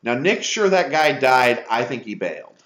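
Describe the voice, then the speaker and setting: A man's voice: mid-range voice, sing-song, moderate pace, fairly bright tone. A man co-hosting a podcast, sarcastically retelling a movie's plot in casual chat. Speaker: podcast co-host. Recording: dull lo-fi sound.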